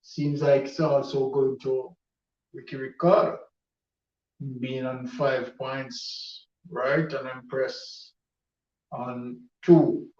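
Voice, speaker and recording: A man's voice: medium pitch, flat delivery, slow pace, a little mellow. A man hosting a casual live show, bantering playfully and protesting teasing. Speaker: host. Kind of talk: casual chat. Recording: echoey, distant, dull audio.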